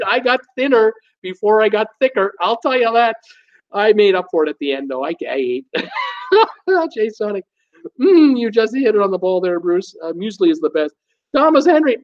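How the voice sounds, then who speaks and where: A man hosting a cruise live stream, reading viewer comments aloud in an animated, chatty way with many fillers. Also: a little high. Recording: dull lo-fi stream audio.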